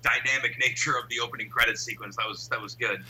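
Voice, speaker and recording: A man's voice: mid-range voice, fairly even intonation, fast talker, sharp tone, poor audio. A man in a casual movie discussion, thoughtful and rambling with many restarts.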